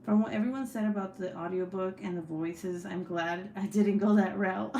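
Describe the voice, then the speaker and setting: A woman's voice: medium pitch, normal speed, a little mellow, slight background noise. A young woman hosting a casual book club live stream, chatty and often laughing as she reads viewer comments aloud.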